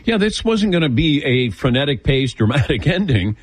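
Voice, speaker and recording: Older man, radio show host, casual chat, very expressive pitch, dry close sound. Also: moderate pace, slightly rough, no echo. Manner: animated storyteller, acts out quotes.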